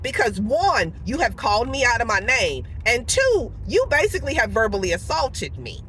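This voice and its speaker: A woman telling a story in a casual vlog from her car, lively and dramatic, acting out what everyone said. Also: fairly high pitch, moderate pace, slight background noise, poor audio. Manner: animated storytelling, acts out quotes. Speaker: vlogger.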